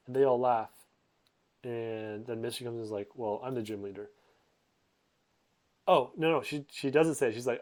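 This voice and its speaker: Man, mid-pitched, rambling casual storyteller, loose filler-heavy delivery. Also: steady tone, brisk, pauses often, darkish tone. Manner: rambling, many fillers and restarts, voices characters loosely. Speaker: narrator summarizing a comic.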